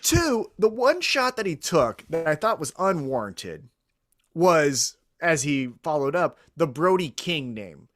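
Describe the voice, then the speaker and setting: A man's voice: a little high, sing-song, measured pace, a bit bright. A man co-hosting a casual podcast chat, enthusiastic, swearing and often checking in with "right?". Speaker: co-host.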